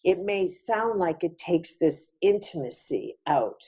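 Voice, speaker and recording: A woman's voice: lowish voice, lively intonation, slow pace, mellow, husky. A woman giving a spiritual lecture over a webinar, reflective, repeating phrases for emphasis. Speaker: featured speaker.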